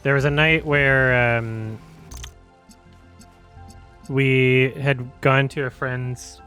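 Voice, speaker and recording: A man telling a casual story on a stream, halting often and restarting his sentences. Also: medium pitch, level tone, sharp tone, clear, resonant tone, faint music behind.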